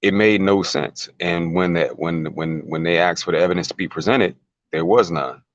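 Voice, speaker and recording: A man's voice: low-pitched, fairly even intonation, normal speed, dry recording, dull audio. A man talking as an interview guest, emphatic and casual, repeating words and firing rhetorical questions. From United States.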